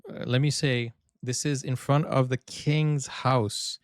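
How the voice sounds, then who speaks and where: Excitable man reacting to sports news, dry sound. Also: mid-range voice, slow, no room sound. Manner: excitable, chatty, often stumbles and restarts. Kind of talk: casual reaction commentary.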